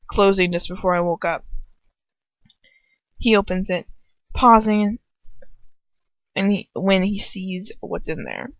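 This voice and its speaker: A woman's voice: medium pitch, dry recording. A woman reading a first-person fan fiction story aloud, emotive and casual, with chatty asides. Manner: emotive, breaks off into giggly asides. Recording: dull, dry lo-fi recording.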